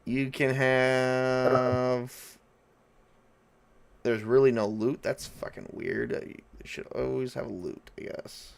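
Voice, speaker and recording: A man's voice: mid-range voice, flat delivery, slow pace, creaky, smooth. A man running a tabletop game as game master, talking loosely with many fillers and restarts.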